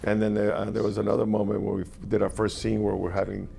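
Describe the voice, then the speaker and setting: Gravelly low-voiced man telling stories. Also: monotone, warm tone. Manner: reflective, halting storytelling with restarts. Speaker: actor being interviewed. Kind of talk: anecdotal interview.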